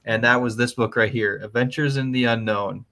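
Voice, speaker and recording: A young man co-hosting a casual comics chat, rambling with lots of fillers and quick laughs. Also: mid-range voice, steady tone, bright, forceful tone. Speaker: podcast co-host.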